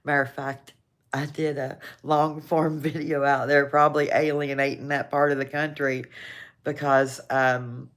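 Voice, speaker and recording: A livestream host, an older woman with a Southern US accent, reads out viewer comments in a rambling, laugh-filled casual chat. Her voice is low and level, and her pace is a little slow.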